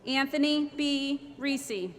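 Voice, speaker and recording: A woman reading out graduates' names one by one at a commencement, slow and measured, over a podium microphone. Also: high voice, very noisy. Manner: slow, measured name-by-name announcing. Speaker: commencement name reader. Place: large ceremony hall. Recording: echoey hall with loud crowd ambience.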